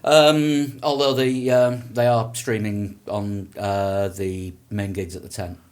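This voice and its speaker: A man co-hosting a casual motorsport podcast, bantering quickly with a few hesitant fillers. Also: fairly low pitch, flat delivery, darkish tone. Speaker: podcast co-host. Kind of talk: casual chat.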